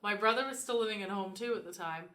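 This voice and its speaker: A young woman co-hosting a podcast tells a story in a casual, animated way, swearing freely and acting out the voices of the people she quotes. She speaks fast in a mid-range voice through a podcast microphone.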